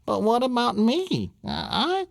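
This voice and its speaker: A man's voice: extremely high pitch, huge pitch swings, measured pace, vocal fry, no echo, studio quality, pitched above the performer's own voice, exaggerated voice. A man voicing a whiny little girl, pleading and childish.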